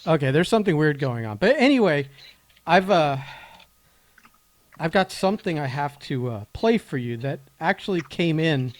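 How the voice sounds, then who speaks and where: Man, podcast co-host, halting, lots of "uh", fairly high voice, dry close sound. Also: expressive, no echo. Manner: halting, full of "uh" fillers, dry teasing. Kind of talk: casual chat.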